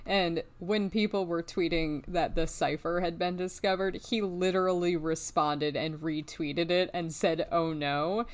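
Chatty, excitable woman with a lowish voice. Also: a little slow, few pauses. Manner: chatty and excitable, laughs often. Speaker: podcast co-host. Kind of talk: casual chat.

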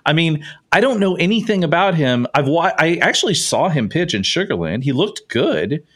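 A man hosting a casual sports podcast, excitable and often laughing. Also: on the high side, moderate pace. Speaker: podcast host.

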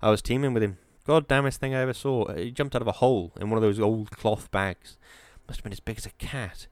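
A man voicing a blunt, rough-spoken mill worker, telling it emphatically. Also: on the low side, fairly quick, no echo, clean studio sound, lightly acted. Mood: emphatic.

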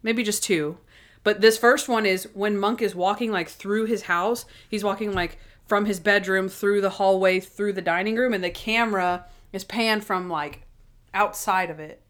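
A woman's voice: fairly even intonation, normal speed, fairly bright tone. Chatty young woman co-hosting a podcast. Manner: chatty, lots of "like", acts out scenes in high voices. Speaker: podcast co-host. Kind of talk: casual chat.

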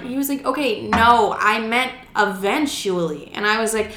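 A woman's voice: medium pitch, moderate pace, few pauses, a bit bright, echoey room, slight background noise. A woman in her twenties telling a dating story casually, chatty and profane, acting out the dialogue as she goes. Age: 20s.

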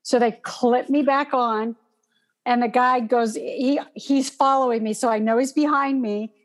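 A woman telling a personal story in casual conversation, animated and acting out gasps as she goes. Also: on the high side, unhurried. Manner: animated, acts out gasps and panicked breathing.

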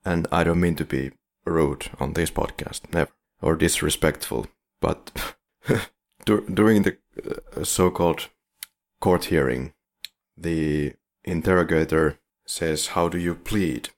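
Man, podcast co-host, deep voice, gravelly fry, wry, asks the questions. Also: measured pace. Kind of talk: casual film review chat.

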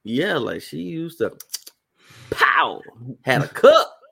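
A man hosting a casual podcast chat, telling animated stories and slipping into exaggerated voices. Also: on the high side, slow, gravelly, slightly rough. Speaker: podcast host.

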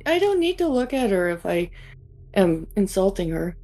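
A woman playing a tabletop role-playing game, lively and playful. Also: mid-range voice, normal speed. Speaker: player.

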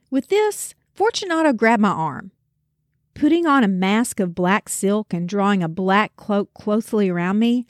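A woman retelling a classic story in a theatrical, expressive way. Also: medium pitch, no echo, clean studio sound.

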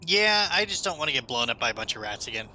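Guy player joking around at the table, bright sharp voice, bouncy pitch. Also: quick pace, slight background noise. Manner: jokey, excitable in-character banter. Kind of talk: tabletop game play chat.

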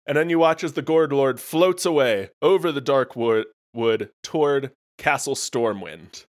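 Man, game master, tabletop game narration, halting delivery, restarts. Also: mid-range voice.

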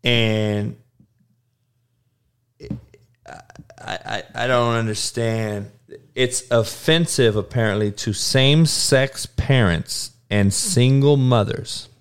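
A man ranting casually to his viewers, heated and profane, with slangy talk and stuttered restarts, dropping to low mutters and then bursting out loud. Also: fairly even intonation, slow, clear, resonant tone. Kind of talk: casual profane rant to camera.

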